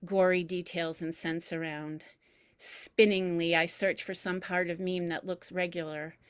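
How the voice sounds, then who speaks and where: A woman reading aloud from her personal memoir, measured and reflective, with deliberate pauses. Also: fairly low pitch, level tone, smooth, dry recording. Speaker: memoir reader.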